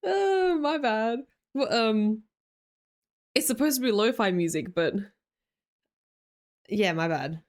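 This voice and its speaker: A woman's voice: a little high, expressive, slow, long pauses, a little mellow. A young woman with an Australian accent chatting casually with her live-stream viewers, laughing often and greeting them by name.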